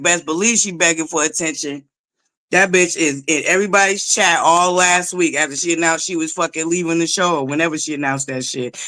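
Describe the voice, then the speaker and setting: A woman's voice: lowish voice, sharp tone, dry recording. A woman hosting a casual livestream chat, talking straight to her viewers in a sassy, joking way, laughing often. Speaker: livestream host.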